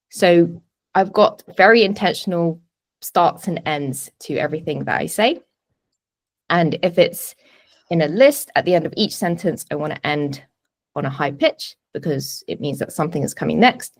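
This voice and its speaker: A woman presentation coach teaching a webinar from a home office, with clear, deliberate emphasis on key words. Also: low voice, expressive. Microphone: video call webinar.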